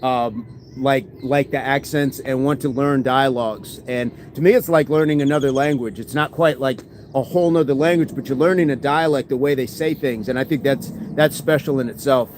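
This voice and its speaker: A man's voice: mid-range voice, steady tone, moderate pace, darkish tone, a little hiss or hum. A man hosting a fitness livestream, chatting casually and answering viewer comments, often agreeing with "absolutely".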